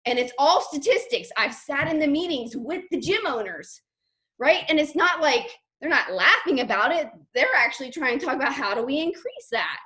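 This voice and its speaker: A woman with a bright, high voice leads a team call. She talks in a loose, animated way and keeps checking in with her listeners. Her speech is packed with fillers. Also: moderate pace. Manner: chatty, animated, full of fillers. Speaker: team leader on a sales call. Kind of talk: motivational team call talk.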